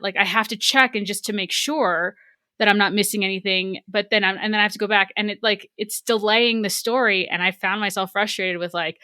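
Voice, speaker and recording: Bright-voiced woman chatting on a book podcast, animated, lots of likes, dry sound. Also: medium pitch, normal speed, clear, resonant tone, no echo. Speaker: podcast co-host. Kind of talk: casual book club discussion.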